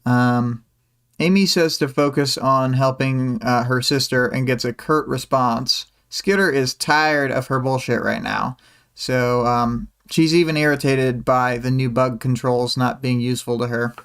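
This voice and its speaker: A man's voice: mid-range voice, fairly even intonation, a little slow, a bit bright, clear, resonant tone. A man hosting a livestream, recapping a story chapter in a loose, casual way, with frequent ums and small asides. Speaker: livestream host.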